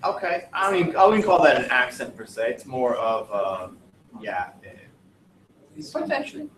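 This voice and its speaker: A man's voice: medium pitch, huge pitch swings, moderate pace, a bit bright, slight background noise. A man from the United States teaching a class, lecturing in a chatty, jokey, digressive way. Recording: roomy classroom audio from a distant mic.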